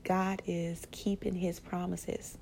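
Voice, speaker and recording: A woman hosting a casual spiritual podcast, speaking softly and often slipping into a whisper, rambling with restarts. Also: fairly low pitch, flat delivery, slow pace, vocal fry, a little hiss or hum. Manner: soft-spoken, often drifting into a whisper. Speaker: podcast host.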